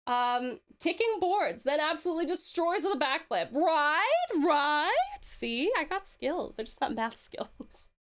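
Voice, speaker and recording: A woman's voice: sits high, measured pace, few pauses. An Australian woman streaming live, chatting casually, giggling and reading out chat messages. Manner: giggly, excitable, swearing, reads chat aloud.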